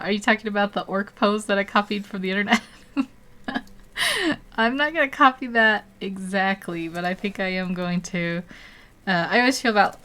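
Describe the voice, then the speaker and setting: This digital artist, a young adult woman, streams live and talks casually while drawing, laughing a lot and thinking out loud. Her voice is on the low side with a slightly bright quality.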